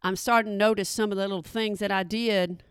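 A woman's voice: mid-range voice, fairly even intonation, a little fast, clear, resonant tone, no room sound, clean studio sound. A middle-aged woman, talking casually and playfully to her audience and asking them questions. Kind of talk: casual comedic talk to an audience.

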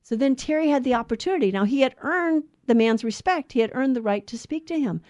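A woman's voice: high-pitched, lively intonation, a little fast, darkish tone, no room sound. A middle-aged woman co-hosting a Catholic radio Bible study, talking in an earnest, conversational way with frequent restarts.

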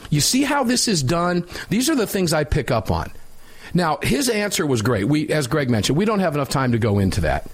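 Man, talk radio host, sarcastic, emphatic, very lively pitch. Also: brisk, breathy edge. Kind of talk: opinionated talk radio commentary.

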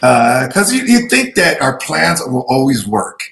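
A raspy-voiced man in his forties, a military veteran guest, telling stories in a lively, laughing, self-deprecating way. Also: mid-range voice, unhurried, roomy sound, rough recording. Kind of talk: casual storytelling interview.

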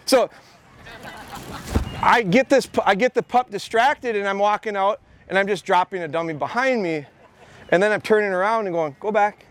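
A man who is a dog trainer giving an energetic, repetitive talk at a live training seminar outdoors. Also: high-pitched, normal speed. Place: outdoor expo training area.

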